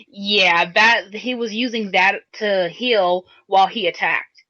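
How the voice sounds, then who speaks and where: A woman co-hosts a casual podcast, explaining things at length in a rambling style full of restarts. Her voice is mid-range, slow and sharp in tone. The podcast recording is dull and lo-fi.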